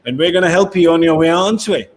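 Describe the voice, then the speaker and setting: A man hosting a cricket talk show in a lively, joking way. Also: on the high side, rapid-fire. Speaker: host.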